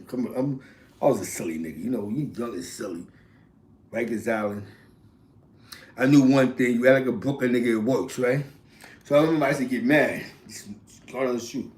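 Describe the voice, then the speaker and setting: A man's voice: mid-range voice, fairly quick, pauses often, a little mellow, echoey room. A man from East Harlem with a New York accent, telling rambling street stories in casual slang, often tagging lines with "you know what I'm saying" and a laugh. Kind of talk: casual storytelling.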